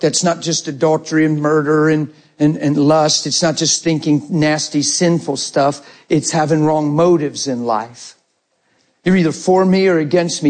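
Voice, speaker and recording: A middle-aged man preaching a sermon, telling family stories and acting out the voices of parents and children. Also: on the high side. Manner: animated storytelling, acting out family dialogue.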